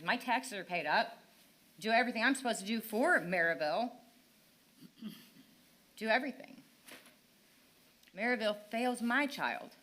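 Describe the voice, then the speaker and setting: A woman's voice: on the high side, a bit bright. An older woman speaking at public comment in a town council meeting, frustrated and pleading, her voice at times breaking.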